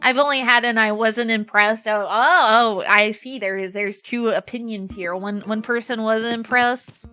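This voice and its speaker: Bright, high-voiced woman streamer. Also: normal speed, hardly any pauses, soft background music. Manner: chatty, animated storytelling with frequent swearing. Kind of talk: casual chat while playing a game.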